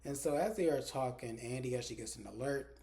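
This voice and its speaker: A man's voice: medium pitch, fast, creaky, warm tone. Chatty man recapping a TV episode. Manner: chatty, retells dialogue with lots of "like"; blunt, swears freely. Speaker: TV episode reviewer. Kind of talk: casual recap vlog.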